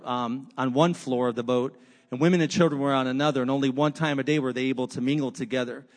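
A man preaching a sermon, with repetitive rhetorical lists and casual conversational asides. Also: medium pitch. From United States. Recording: long hall reverb.

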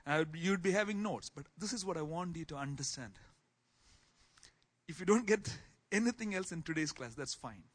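A man teaching a Bible class in sermon style, swinging from soft asides to loud exclamations. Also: a little high, animated, brisk, breathy edge.

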